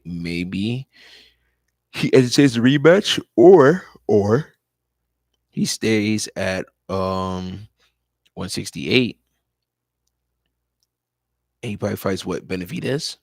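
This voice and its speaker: A tired man talks sports on a casual live stream from home, rambling and repeating himself. His voice sits very low with a gravelly fry and a husky edge. The sound is dry and close. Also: no echo. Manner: loose, rambling, leans on "you know" and repeats himself. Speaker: sports talk livestream host and high school coach. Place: at home, dog in background.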